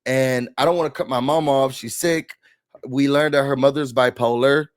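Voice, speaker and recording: A man hosting a casual reality TV recap, talking in an animated, dramatic way with slangy asides. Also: medium pitch, moderate pace.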